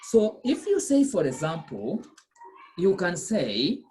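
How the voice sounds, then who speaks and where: A woman's voice: on the low side, wildly swooping pitch, takes it slowly, warm tone, a little hiss or hum. A woman teaching French pronunciation over a video call, patiently repeating and checking that students follow. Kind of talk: online class teaching.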